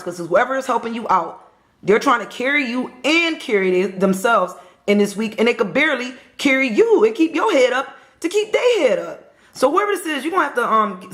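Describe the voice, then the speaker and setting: A woman's voice: on the high side, fairly bright tone. Chatty woman reading tarot, echoey room. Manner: chatty, repetitive, addresses viewers directly. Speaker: tarot reader. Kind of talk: casual tarot reading to camera.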